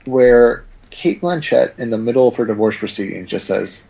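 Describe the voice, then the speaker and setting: A man's voice: mid-range voice, normal speed, vocal fry, hardly any pauses, warm tone, slight background noise. A man co-hosting a podcast, reflecting on a film in a thoughtful, hedging way. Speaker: podcast co-host. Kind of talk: casual film discussion. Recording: dull lo-fi sound.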